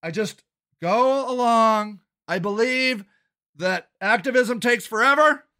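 Older guy, furious profane rant, high strained sharp tone. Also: slow pace. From Ohio, United States. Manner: profane, shouting and agitated. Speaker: city council candidate and activist. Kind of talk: angry monologue rant.

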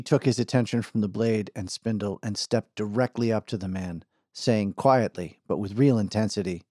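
In a fairly low voice, a man narrates an audiobook from a script, keeping his storytelling measured and even. The sound is dry and clean, clearly recorded in a studio.

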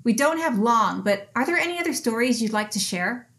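A woman's voice: fairly high pitch, lively intonation, fairly quick, fairly bright tone. A woman hosting an interview podcast, asking follow-up questions with engaged curiosity. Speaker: podcast host.

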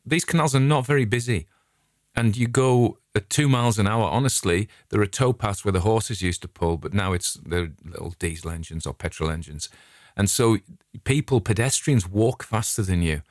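A man's voice: on the low side, expressive, normal speed, no room sound, studio quality. A middle-aged English man telling stories in a casual, rambling monologue, chatty and full of digressions. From England. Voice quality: chatty anecdotal storyteller, digressive. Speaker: vlogger.

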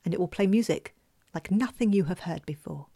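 A woman voicing a small kindly talking bird in a storybook tale, speaking in a gentle, sing-song way. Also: on the low side, a little fast, gravelly.

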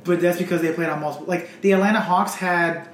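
Man, high voice, opinionated, profane, casual sports chat, echoey room. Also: steady tone, fast talker. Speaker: podcast co-host. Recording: echoey room, faint hiss.

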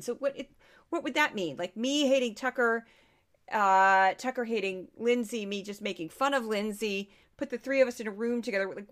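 A woman's voice: on the high side, a bit bright. A woman hosting a podcast, commenting casually and sarcastically on news clips, with frequent restarts and asides. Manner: sarcastic, rambling, many restarts. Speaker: podcast host.

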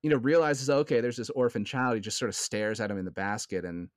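A man's voice: medium pitch, fairly even intonation, fast talker, no echo, studio quality. A man in a casual film discussion, speaking earnestly and often checking in with his listener. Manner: earnest, keeps checking in with "right?". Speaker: podcast co-host.

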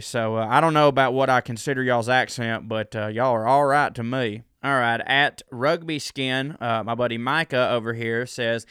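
A man's voice: medium pitch, a bit bright, clean tone, no room sound, studio quality. A man, hosting his own podcast as a comedian and rambling in a self-mocking way with lots of fillers. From Southern US. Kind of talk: casual solo podcast chat.

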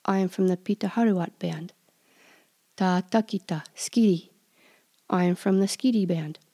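A woman hosting a language lesson podcast, speaking patiently and repeating words slowly for listeners to practice. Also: fairly low pitch, dark tone. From Pawnee community, United States. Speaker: language teacher and podcast host.

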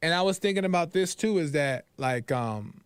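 A man's voice: on the high side, expressive, moderate pace, smooth, no echo. A man hosting a podcast, telling a frustrated story in a casual monologue, acting out phone calls and often checking in with "right?". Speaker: podcast host.

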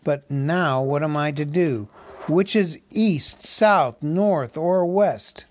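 A man's voice: mid-range voice, measured pace, close to an everyday voice. A man voicing a small, timid male hobbit burglar who grows anxious and calls out for help. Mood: miserable. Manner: anxious, rising to cries for help.

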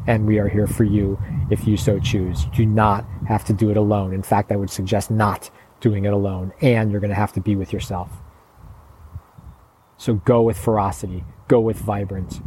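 A man's voice: lowish voice, noisy background. A man coaching in a motivational monologue, blunt and profane, pressing his points with urgent, pleading emphasis. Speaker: men's coach.

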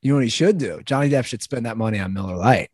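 A man's voice: medium pitch, fast talker, husky, no room sound, clean studio sound. A man co-hosting a casual sports podcast, rambling and opinionated, often tripping over his words. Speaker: podcast co-host.

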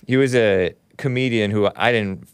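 A man's voice: on the low side, normal speed, clear, resonant tone, dry recording, studio quality. A man hosting a live stream, giving sarcastic, opinionated commentary and reading viewer chat aloud. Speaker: host.

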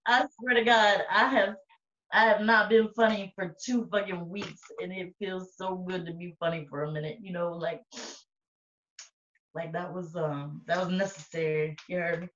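A woman's voice: lowish voice, fairly even intonation, normal speed, fairly bright tone, slight background noise. Profane laughing woman, echoey far-off mic. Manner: profane, rowdy, laughs a lot. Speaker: podcast co-host. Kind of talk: casual podcast chat. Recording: echoey, distant, dull mic.

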